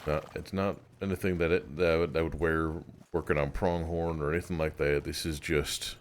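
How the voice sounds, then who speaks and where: A man talking in character during a roleplay session, relaxed and soft-spoken, getting flustered and stammering when teased. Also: very deep voice, normal speed, a little hiss or hum.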